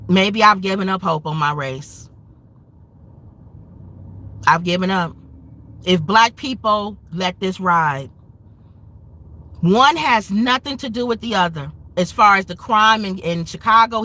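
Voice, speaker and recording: A woman's voice: mid-range voice, pushed and bright. A woman hosting a commentary show, speaking in an impassioned, angry, emphatic rant. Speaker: show host.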